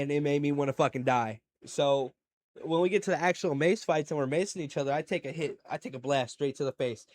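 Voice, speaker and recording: A young man with a slightly high voice holds a casual solo podcast at home. He rambles through crude, profane anecdotes. His loudness jumps from low mumbling to sudden excited outbursts. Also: no room sound. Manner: crude, profane storytelling with animated swings in loudness. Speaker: podcast host.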